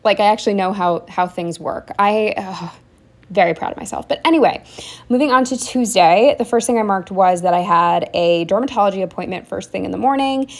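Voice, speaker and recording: A woman's voice: mid-range voice, brisk. A young woman talking casually to camera about her week, rambling with lots of fillers and restarts. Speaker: vlogger. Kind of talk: casual diary-style chat.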